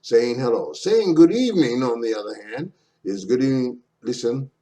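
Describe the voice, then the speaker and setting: A man's voice: mid-range voice, lively intonation, moderate pace, warm tone. A man teaching an introductory Japanese lesson in a casual, playful way, repeating words aloud for his students. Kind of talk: casual online language lesson.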